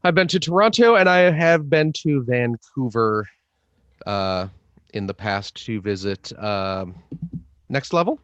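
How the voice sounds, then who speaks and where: A man co-hosting a gaming podcast, telling a travel story in a jokey, animated way. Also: medium pitch, unhurried, clear, resonant tone, no echo, muffled recording. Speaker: podcast co-host. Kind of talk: casual podcast chat.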